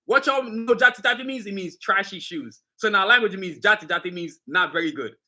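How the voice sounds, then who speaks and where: A middle-aged man hosts a casual live stream, showing off his sneakers and hyping them to viewers. His voice sits high and sounds bright. He talks with swagger and loose street slang. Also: a little fast. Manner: hyped, boastful street slang, addresses viewers directly. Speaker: sneaker designer and channel host.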